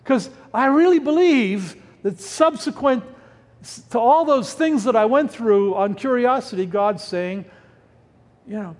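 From the pulpit of a church sanctuary, a pastor preaches a sermon, his high voice swinging widely as he fires off rhetorical questions. He is animated and unhurried with a darkish tone, often breaking off mid-word to restart, and a long hall reverb rings around him.

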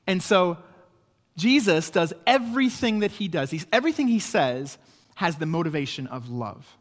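High-voiced guy preaching casually, lots of "right?", echoey church sound. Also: big pitch swings, normal speed. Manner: conversational preaching with frequent "right?" asides. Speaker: pastor. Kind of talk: sermon.

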